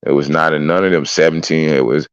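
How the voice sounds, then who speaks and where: A man chatting casually as a streamer, excitable and profane with loud whoops. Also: extremely low pitch, fast talker, clear, resonant tone, dry recording, highs cut off. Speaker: streamer reacting to clips. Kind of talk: casual reaction chat.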